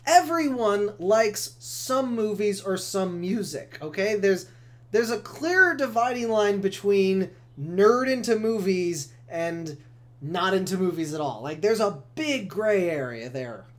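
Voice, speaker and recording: A man's voice: high voice, animated. Sarcastic streamer guy ranting over a manga, voice jumping all over the place. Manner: ranting, sarcastic, quick to joke. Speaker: streamer reading a manga aloud. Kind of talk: live-stream reading with sarcastic commentary.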